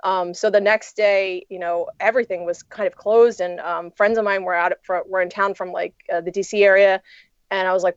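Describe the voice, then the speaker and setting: A young woman recounting a story in a loose, rambling way, full of "like" and "you know" and restarted sentences. Her voice sits at an average pitch and sounds slightly dull and lo-fi. The room is dry, with no echo. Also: level tone, a little fast, clear, resonant tone. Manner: rambling with many fillers and restarts. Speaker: poker player guest. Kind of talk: casual storytelling interview.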